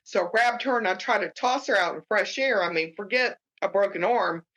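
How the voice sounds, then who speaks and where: A middle-aged woman, a guest, telling a personal story in a halting way, with many fillers and restarts. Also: fairly bright tone. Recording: muffled low-fidelity audio.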